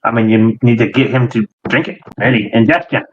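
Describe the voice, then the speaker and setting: Shrewd older woman herbalist, played by a man; dry and teasing, middle-pitched, muffled recording. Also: fairly even intonation, a little fast, close to an everyday voice. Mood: wry.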